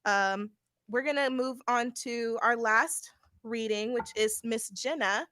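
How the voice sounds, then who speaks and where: A woman's voice: on the high side, slow, bright, forceful tone, no room sound, studio quality. A young woman giving a casual live-stream tarot reading, blunt and laughing often, with occasional swearing. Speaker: tarot reader.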